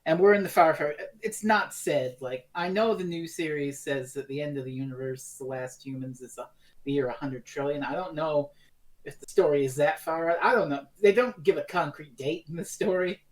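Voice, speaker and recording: A man co-hosting a podcast, chatting casually about a TV serial, animated and swearing freely as he acts out quotes. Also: fairly high pitch, moderate pace. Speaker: podcast co-host. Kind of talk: casual review chat.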